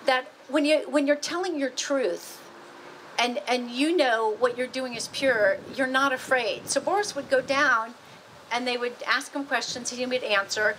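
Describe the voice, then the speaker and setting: An American woman presenting her book at a museum event, telling stories in an animated, rambling way with frequent restarts. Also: on the high side, a little hiss or hum, rough recording. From United States. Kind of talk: storytelling talk.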